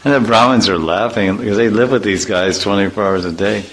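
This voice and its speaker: A man's voice: on the low side, fairly quick, fairly bright tone, low-quality recording. A man, a spiritual teacher, giving an informal devotional talk with humorous storytelling and vivid imitations.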